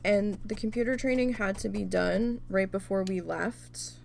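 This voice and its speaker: A woman's voice: medium pitch, a little slow, vocal fry, slight background noise. A woman telling a story in casual, profane chat, acting out quoted back-and-forth while she works on a craft. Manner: animated, profane venting with quoted dialogue. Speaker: craft video host.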